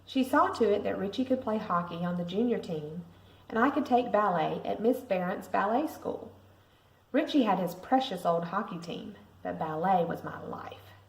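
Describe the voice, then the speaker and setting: A woman, a parent, reading a picture book aloud to a school class with lively expression. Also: medium pitch, moderate pace. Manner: expressive storytelling. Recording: roomy echo.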